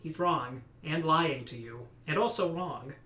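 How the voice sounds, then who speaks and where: A man's voice: on the high side, measured pace, sharp tone. A man co-hosting a podcast with a dry, sardonic manner, recalling a campaign as a player. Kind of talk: casual podcast discussion. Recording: roomy echo.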